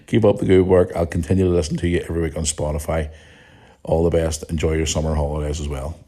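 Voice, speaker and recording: A man's voice: very deep voice, steady tone, quick pace, dark tone. An Irish man hosting a podcast in a casual chat, reading out listener messages and answering them bluntly, with frequent swearing and chuckles. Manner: blunt and outspoken, swears freely, chuckles often. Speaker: podcast host.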